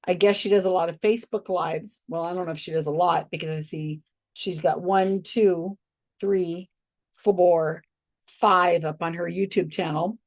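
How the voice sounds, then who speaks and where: A woman hosting a reaction channel, casually and skeptically commenting on a video she has paused. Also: fairly low pitch, fairly even intonation.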